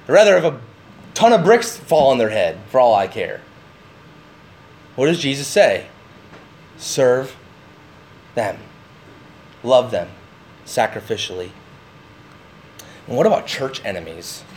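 A man's voice: mid-range voice, a little slow, long pauses, slight background noise. A man preaching a sermon in a church, talking to the congregation and often asking "right?". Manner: animated, talks to the congregation with frequent "right?". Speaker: pastor. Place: church sanctuary.

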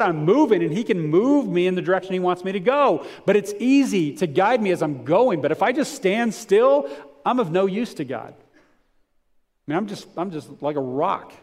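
A pastor preaching a sermon to his congregation in a conversational way, swelling to emphatic points and dropping to softer reflective stretches. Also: sits high. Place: church before a congregation.

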